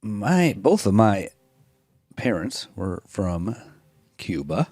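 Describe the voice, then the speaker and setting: A man's voice: lowish voice, very animated, slow, a little mellow, no echo. A man in his forties with an Illinois and Chicago accent, hosting a podcast in an easygoing casual chat. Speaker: podcast host.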